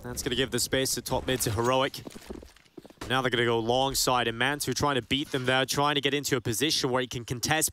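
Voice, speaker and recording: A man giving rapid play-by-play commentary on a live esports match, rising sharply on big plays. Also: medium pitch, flat delivery, bright, forceful tone, a little hiss or hum.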